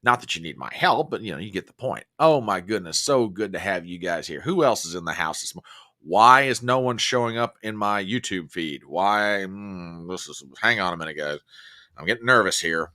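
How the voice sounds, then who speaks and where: A man's voice: low-pitched, lively intonation, moderate pace, pushed and bright. A man hosting a casual live stream, chatting and joking and greeting viewers by name. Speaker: livestream host.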